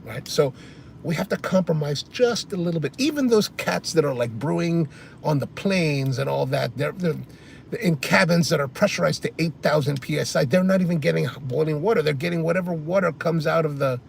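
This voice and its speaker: His voice is on the high side and gravelly, and he speaks a little fast. Driving along the highway, the coffee vlogger answers viewer comments and rambles through stories, with faint road noise in the car.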